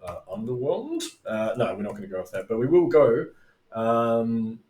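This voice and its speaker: A man's voice: mid-range voice, big pitch swings, normal speed, dark tone. Rambling man in an echoey room. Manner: rambling, tangential, swears freely. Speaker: business coach. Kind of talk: casual talking-head video lesson. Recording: roomy echo.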